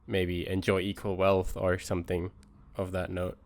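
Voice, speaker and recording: A man co-hosting a podcast, asking measured questions about a philosophy book with pauses. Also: deep voice, little pitch movement, creaky. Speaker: podcast co-host. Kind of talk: casual book discussion.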